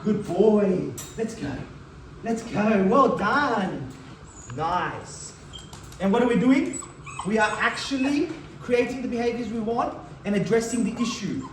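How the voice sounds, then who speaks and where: A man's voice: high-pitched, lively intonation, measured pace, background noise. A man teaching dog crate training in a direct, blunt way, often breaking off to talk to the dog. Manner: talks to the dog while teaching. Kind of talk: instructional demonstration. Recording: roomy, distant mic, faint ambience.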